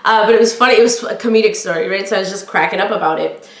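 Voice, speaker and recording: Podcast host, middle-aged woman, loud projecting voice, candid chatty storytelling, room echo. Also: mid-range voice, racing. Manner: candid, chatty, quotes others in lively voices. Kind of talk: personal storytelling.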